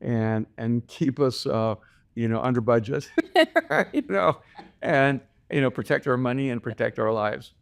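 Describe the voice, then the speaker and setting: A man who is a guest on a podcast, telling family stories in an animated way and laughing often. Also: medium pitch, a little slow, creaky, clear, resonant tone. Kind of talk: conversational storytelling.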